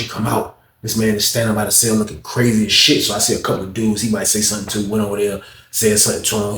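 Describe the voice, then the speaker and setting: A man's voice: fairly low pitch, a bit bright. A man casually telling a long story, rambling and repeating phrases while addressing listeners as y'all. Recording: roomy echo.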